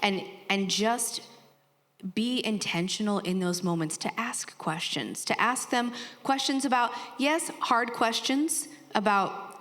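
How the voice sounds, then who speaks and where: A woman in her forties co-teaching a sermon, thoughtful and gentle, with hesitant fillers. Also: on the high side, slow. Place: church. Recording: church hall with long reverb.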